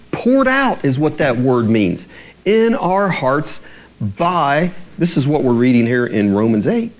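A man preaching a sermon in an earnest way, slowing down and dropping his voice low when he reads scripture, with light laughs between points. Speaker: pastor.

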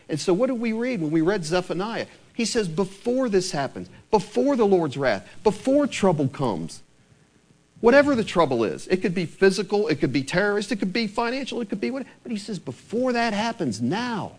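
A man gives a sermon as pastor in a church sanctuary, his fairly high pitch rising and falling broadly. He questions the congregation rhetorically and slows and deepens his voice to read from scripture.

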